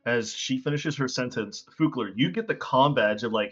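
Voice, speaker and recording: A man's voice: mid-range voice, moderate pace, few pauses, a bit bright, breathy edge. A man running a tabletop game as game master, narrating casually with lots of fillers. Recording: dull lo-fi recording with faint music.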